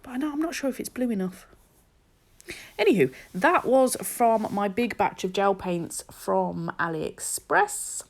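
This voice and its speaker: A woman's voice: medium pitch, lively intonation, measured pace. A woman narrating her nail art tutorial, chatty and self-mocking with rambling asides. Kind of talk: casual voice-over tutorial.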